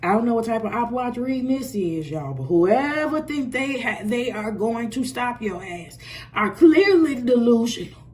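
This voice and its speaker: A woman's voice: on the high side, expressive, normal speed, darkish tone. A woman giving a casual spoken tarot reading, blunt and profane and laughing often. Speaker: tarot reader.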